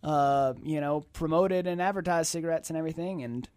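A man's voice: on the high side, a little fast, a little mellow, clear, resonant tone, no echo. A young man chatting casually as a podcast co-host, rambling through a TV episode with lots of fillers and restarts. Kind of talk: casual chat reviewing a TV episode.

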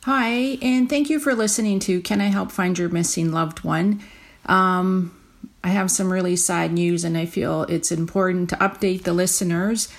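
A woman with a gravelly, fry-laden voice gives a podcast update, stumbling through restarts and fillers. She sounds close to tears, her voice a little low for a woman. Her talk is unscripted and earnest. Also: fairly even intonation. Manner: halting, with many fillers and restarts. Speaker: podcast host.

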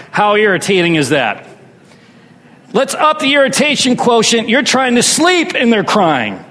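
A man's voice: very high voice, a bit bright. A man preaching a sermon as pastor, drawing his congregation into call-and-response. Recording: long reverb hall.

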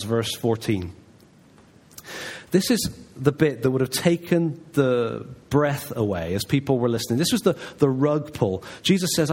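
A man's voice: medium pitch, slightly rough. A man preaching a sermon in a church, talking in a conversational, emphatic way. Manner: conversational, emphatic, voices God's replies softly.

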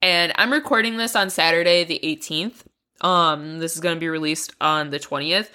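A woman's voice: low voice, moderate pace, pushed and bright. A young adult woman talking candidly in a casual training vlog, swearing freely and laughing at herself. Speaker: climbing vlogger.

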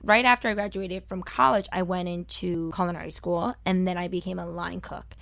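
Gravelly-voiced woman with a Brooklyn accent. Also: on the low side, steady tone, no room sound. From Brooklyn, New York. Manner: talkative and loud, fast and emphatic. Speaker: food video host and cook. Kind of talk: personal reflective monologue.

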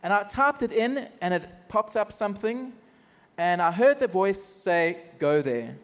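South African preacher, high voice for a man, lively self-mocking storyteller, long hall reverb. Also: measured pace. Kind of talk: personal testimony sermon. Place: church service.

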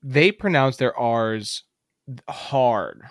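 Young male podcast co-host, mid pitch, dry close mic, jokey casual tone. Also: animated, very slow, no echo. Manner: easygoing, blunt, jokey. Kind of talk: casual movie-review chat.

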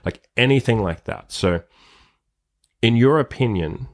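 A young man hosts a casual podcast in a brash, crude, joking way, swearing freely. His voice sits fairly low. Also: expressive, moderate pace, long pauses. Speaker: podcast host. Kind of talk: crass casual podcast chat.

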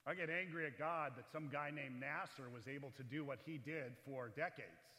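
A man preaching a sermon as pastor in a chapel, animated, swinging between loud and hushed delivery. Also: medium pitch, moderate pace, long reverb tail. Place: large echoey chapel.

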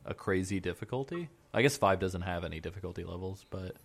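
A man co-hosting a casual podcast, explaining game details at length in a relaxed way with fillers. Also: low-pitched, quick pace, creaky. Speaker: podcast co-host. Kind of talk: casual chat about a video game.

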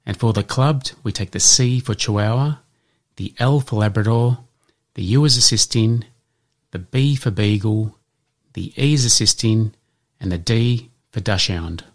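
A man hosting an educational podcast, reading out answers in a measured way and slipping in dad jokes. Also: on the low side. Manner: measured, spells things out, slips in dad jokes. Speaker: podcast host.

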